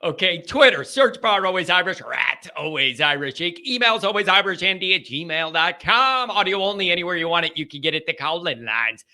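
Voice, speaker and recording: A man hosting a live sports talk show, excitable and rambling, often repeating himself. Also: sits high, normal speed, hardly any pauses. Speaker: sports podcast host.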